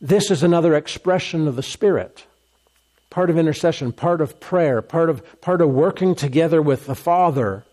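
A man's voice: on the high side, moderate pace, dark tone. A man preaching a sermon, emphatic and repetitive, acting out the dialogue of scripture. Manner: emphatic, repeats phrases, acts out scripture dialogue.

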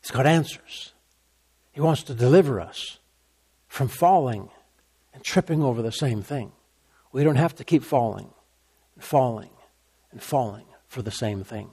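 A man's voice: mid-range voice, unhurried, pauses often, dark tone, breathy edge. A man preaching a sermon who reads scripture aloud, repeats phrases for emphasis and checks in with the congregation. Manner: call-and-response asides, repeats phrases for emphasis.

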